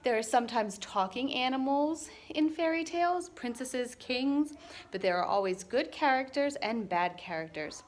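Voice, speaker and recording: A woman librarian giving a scripted introduction for children, explaining things in a clear, friendly way. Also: high-pitched, lively intonation, normal speed.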